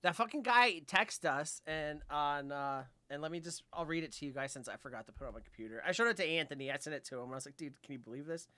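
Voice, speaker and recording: A man's voice: a little high, fast talker, hardly any pauses, pushed and bright, no room sound. A man co-hosting a casual podcast, laid-back and swearing as he tells a work story. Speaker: podcast co-host. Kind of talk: casual chat.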